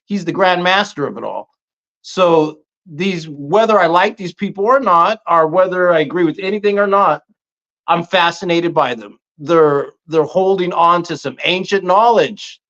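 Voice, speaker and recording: A man's voice: sits high, moderate pace, a bit bright, lo-fi sound. A man hosting a podcast on a video call, enthusiastic and rambling in casual chat. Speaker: podcast host.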